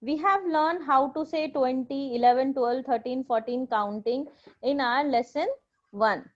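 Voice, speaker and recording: A woman with an Indian accent teaches Japanese in a high, bright-sitting voice, patiently drilling each word and repeating it. The recording is dull and lo-fi, with the top end muffled. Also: unhurried. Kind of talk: classroom language lesson.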